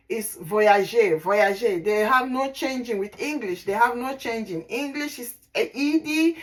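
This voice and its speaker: A woman with a somewhat high voice gives a language lesson at a very unhurried pace. She says each word deliberately and repeats it, pausing on fillers and correcting herself as she goes. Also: fairly bright tone, poor audio. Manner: slow, deliberate, repeats words for practice; frequent fillers and self-corrections. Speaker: language teacher. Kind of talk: slow spoken language lesson.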